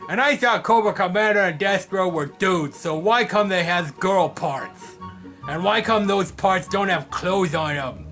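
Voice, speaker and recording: Oswald, a man voicing a high goofy manchild. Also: a little slow, fairly bright tone, faint music behind. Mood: puzzled. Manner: rambling, goofy, oblivious. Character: silly childlike man, naive and cheerful.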